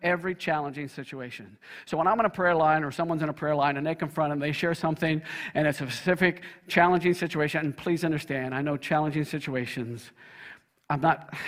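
Older male pastor, high-pitched voice, emphatic sermon, call-and-response, long hall reverb. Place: church sanctuary.

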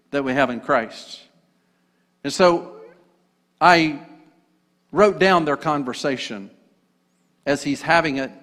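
A man's voice: a little high, a bit bright. A male pastor preaching a sermon in an earnest, emphatic way. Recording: echoey hall.

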